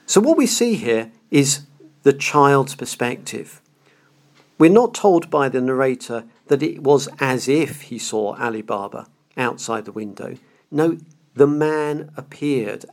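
A man hosting a podcast, lecturing about a classic novel in an earnest, emphatic way. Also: mid-range voice. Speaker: podcast host.

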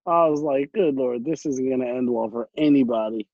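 A man's voice: mid-range voice, brisk, darkish tone, dry recording, lo-fi sound. A man in his late forties chatting with old friends, laughing often and adding short, amused comments. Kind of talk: casual chat among old friends.

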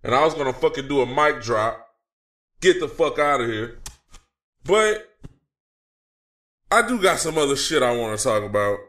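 A man's voice: medium pitch, expressive, moderate pace, pauses often, a bit bright. A man delivering a cocky, mocking wrestling rant full of swearing. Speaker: podcast segment ranter.

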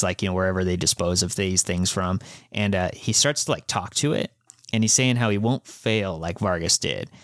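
A man with a fairly low voice talks through a manga chapter in a loose, rambling podcast chat. He leans on fillers and swears casually. The sound is dry and close, with no room around it. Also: no room sound. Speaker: podcast co-host.

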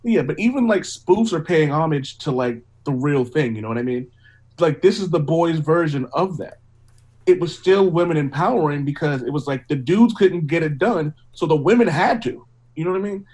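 A man's voice: a little high, lively intonation, moderate pace, darkish tone, poor audio. Rambling man in casual chat. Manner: rambling, lots of "like" and "you know what I mean". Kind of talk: casual discussion.

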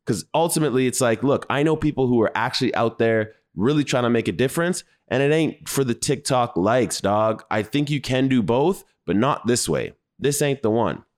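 A man's voice: mid-range voice, animated, moderate pace, hardly any pauses. Man, video reaction commentator, blunt, conversational, swears a lot.

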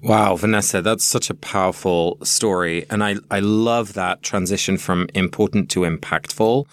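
A man's voice: low-pitched, no echo. A man co-hosting a podcast, chatting casually and recapping with playful energy. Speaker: podcast co-host.

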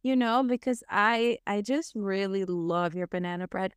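A woman's voice: a little high, moderate pace, few pauses, smooth, no echo, studio quality. A woman hosting a podcast, chatting casually in a playful, giggly way. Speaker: podcast host.

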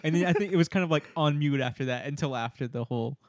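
A man's voice: fairly high pitch, quick pace, no echo, clean studio sound. A man chatting casually, reacting with laughter and exclamations. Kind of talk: casual chat.

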